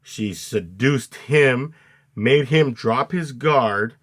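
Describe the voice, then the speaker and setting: A man co-hosting a casual movie review chat, retelling scenes with loud acted-out outbursts and plenty of swearing. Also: medium pitch, very slow. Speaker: podcast co-host.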